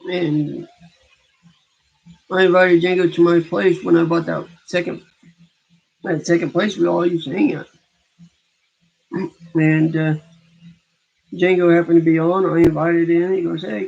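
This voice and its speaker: High, gravelly man telling a rambling story. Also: little pitch movement, unhurried, pauses often, a little mellow. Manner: rambling, with frequent restarts. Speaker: gamer recounting a story. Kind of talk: casual storytelling. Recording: dull lo-fi recording.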